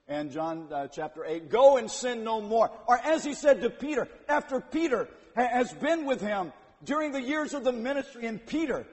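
A man preaching a sermon, retelling scripture with dramatic swings from hushed to loud. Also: sits high. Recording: long hall reverb.

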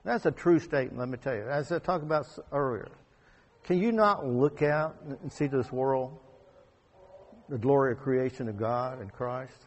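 A man preaching a conversational sermon. He rises to emphatic peaks and drops to quiet asides. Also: medium pitch, normal speed, dull audio. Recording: long hall reverb.

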